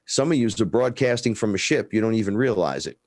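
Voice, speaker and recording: A man's voice: on the low side, fast, no echo, studio quality. A man telling stories in a casual, profane chat, acting out the dialogue. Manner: profane, animated, acts out dialogue in his stories. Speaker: guest.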